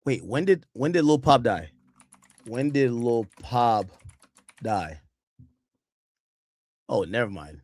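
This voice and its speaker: A man hosting a podcast in casual chat, excitable and slangy, swinging between low mutters and loud outbursts. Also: slow, pauses often, dry recording. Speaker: podcast host. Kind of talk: casual chat reacting to clips.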